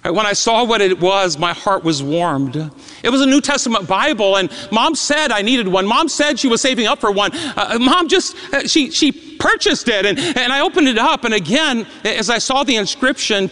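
A man preaching a sermon as an emotional story, stammering repeats and swinging between loud and hushed. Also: extremely high pitch, expressive, moderate pace. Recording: long reverb in a large hall.

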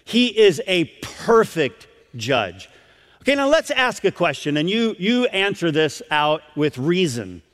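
A man preaching a sermon as pastor, emphatic, with dramatic pauses and questions put to the congregation. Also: high voice, very animated, fairly bright tone, big-room sound.

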